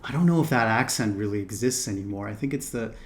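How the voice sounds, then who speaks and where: Low-voiced man musing aloud. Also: fast talker, slight background noise. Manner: thinking aloud, hesitant, self-correcting. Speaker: reaction video host. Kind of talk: casual commentary.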